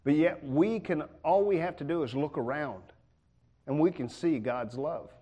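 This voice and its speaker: A man's voice: on the high side, moderate pace, dark tone, muffled recording. A man preaching a sermon in a church, folksy and joking in a conversational way.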